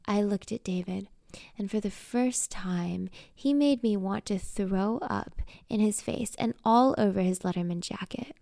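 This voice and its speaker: A young adult woman narrates a first-person audio drama with a sassy, spoiled edge. Her voice has a gravelly texture, and the recording sounds dry and close. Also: medium pitch, unhurried, dark tone, no room sound. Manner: sassy, spoiled-brat attitude in dialogue.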